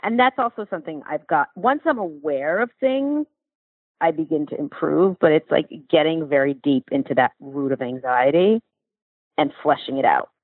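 A woman's voice: sits low, lively intonation, normal speed, dry recording. A woman talks candidly and reflectively, heard over a thin, tinny phone line. The sound is completely dry, with no room around her voice. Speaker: actor seeking advice. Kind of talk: casual chat.

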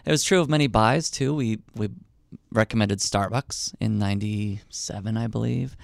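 A man's voice: fairly low pitch, normal speed, gravelly, dry recording, clean studio sound. A man speaking as a podcast guest in a wry, matter-of-fact way. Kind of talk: conversational interview.

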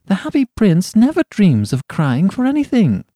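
Scolding mother put on by a male reader, pushed high and loud. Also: huge pitch swings, moderate pace, dry recording, studio quality, exaggerated voice.

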